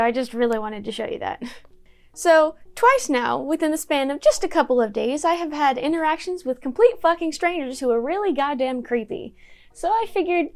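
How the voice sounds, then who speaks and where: Young woman with a high voice doing a chatty storytime vlog, wry and sweary, talking to her camera at home. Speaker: YouTuber telling a story.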